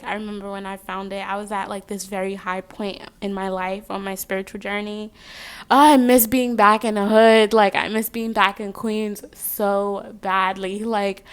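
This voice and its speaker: Young woman, tarot reader, casual chat, rambling, mid-pitched voice. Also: flat delivery, moderate pace, fairly bright tone, clean tone. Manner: chatty, rambling, wanders off on tangents.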